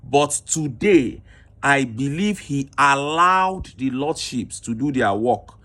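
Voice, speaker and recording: A man's voice: mid-range voice, expressive, slow, fairly bright tone. A man with a Nigerian accent reading news reports and online reactions aloud, breaking in with indignant rhetorical commentary. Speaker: political commentator.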